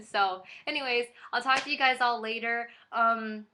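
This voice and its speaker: A woman's voice: fairly high pitch, fairly even intonation, moderate pace, bright, forceful tone, a little hiss or hum. A young woman vlogging casually to camera, gushing and giddy with lots of fillers.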